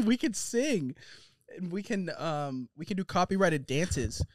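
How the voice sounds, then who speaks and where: A man's voice: sits high, sing-song, measured pace, no echo. A young man co-hosting a podcast, asking loose questions and joking in a casual chat on a studio mic. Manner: playful, laughs often, loose questions. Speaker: podcast co-host. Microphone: studio microphone.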